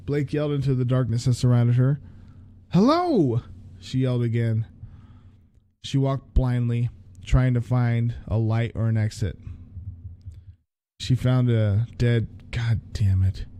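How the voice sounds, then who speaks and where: A man's voice: medium pitch, mellow, clear, resonant tone, no echo. A man hosting a podcast, reading a horror story aloud, often stopping to restart lines and comment on the text. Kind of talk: story reading with casual asides.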